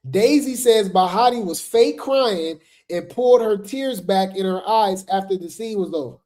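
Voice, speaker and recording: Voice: medium pitch, moderate pace, darkish tone. A host giving casual gossip commentary in a chatty, slangy way with lots of fillers.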